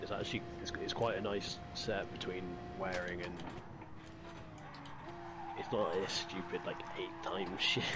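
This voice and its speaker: A man's voice: sits low, level tone, unhurried. A man rambling casually about racing settings on a stream. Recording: loud car engine noise over voice. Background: race car engines.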